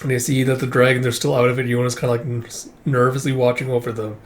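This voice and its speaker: A man casually recapping a manga volume, retelling the dialogue in a relaxed way. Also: medium pitch, quick pace. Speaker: manga reviewer.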